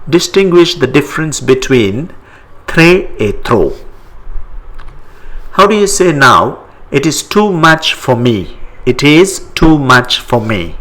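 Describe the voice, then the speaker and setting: Slow, lively-pitched man teaching French. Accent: Indian English. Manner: repeats each phrase twice, deliberate. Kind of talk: language lesson.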